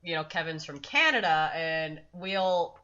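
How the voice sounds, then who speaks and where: A woman's voice: sits low, animated, measured pace, sharp tone. A woman from Minnesota co-hosting a podcast in easy casual chat, laughing along with the others. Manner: easygoing, laughs along, puts on folksy accent. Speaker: podcast co-host. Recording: lo-fi with crowd noise behind.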